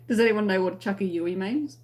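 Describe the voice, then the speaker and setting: A woman's voice: medium pitch, darkish tone. An Australian woman hosting a crochet live stream, chatting casually and reading out viewer comments, friendly and laughing often. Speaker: crochet channel host.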